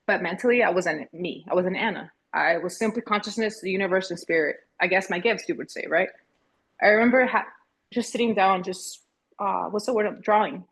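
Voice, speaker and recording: Husky woman in her thirties, halting. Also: mid-range voice. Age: 30s. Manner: halting, searching for words, with restarts. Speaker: guest. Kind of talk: emotional personal storytelling.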